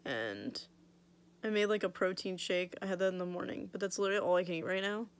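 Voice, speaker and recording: Gravelly, chatty young woman. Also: fairly low pitch, quick pace. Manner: chatty, blunt, swears freely, lots of "like". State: recovering from oral surgery, swollen mouth. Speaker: vlogger. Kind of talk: casual storytelling vlog.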